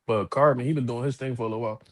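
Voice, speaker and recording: A man, co-hosting a casual boxing talk show, telling animated stories, acting out other people's voices and cursing freely. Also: medium pitch, racing. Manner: animated storytelling, puts on voices of others, profane. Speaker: co-host of a boxing podcast. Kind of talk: casual chat.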